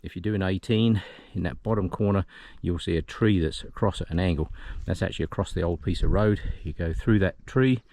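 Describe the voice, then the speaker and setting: A man with a low, slightly mellow voice narrates his mountain trail walk quickly, with few pauses, giving casual directions. He films on a handheld camera, and there's no echo.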